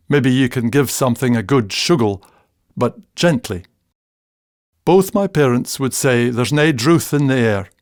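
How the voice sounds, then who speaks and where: A man, giving a scripted narration in a measured, gently humorous storytelling manner. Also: medium pitch, no room sound, studio quality.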